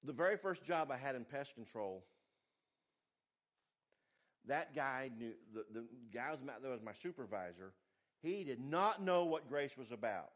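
A male pastor, preaching a sermon with animated swings between loud emphasis and quiet asides. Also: normal speed, pauses often. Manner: animated preaching, pitch and volume rising and falling widely.

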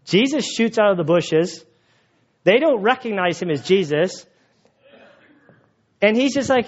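A man's voice: sits high, expressive, a little slow, pauses often, highs cut off. A man preaching a sermon, retelling scripture casually and playfully, acting out lines of dialogue. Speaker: pastor.

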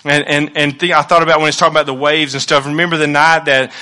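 A male pastor preaching a sermon with passion, moving between loud declarations and hushed asides and repeating his phrases. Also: fairly high pitch, flat delivery, quick pace.

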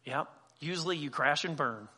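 A man's voice: fairly high pitch, moderate pace, sharp tone, breathy edge. A man preaching a sermon as a pastor, talking conversationally, with humorous asides and dialogue acted out in quoted voices.

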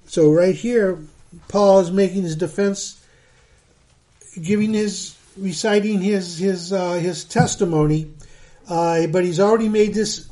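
Man, pastor, middle-aged, warm mellow tone, conversational Bible teaching, repeats words. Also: high voice.

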